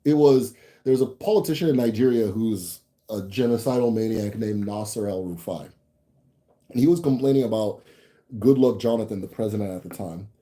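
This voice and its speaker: This young American channel host reads viewer comments aloud on a relaxed livestream, rambling with laughs and restarts. His lowish voice is warm and he talks at a normal speed.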